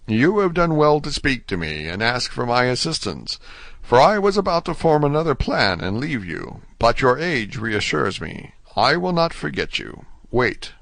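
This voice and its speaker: A man voicing a cautious older male prisoner, speaking low, quiet and measured in an audiobook reading. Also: sing-song, creaky, no room sound. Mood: grave.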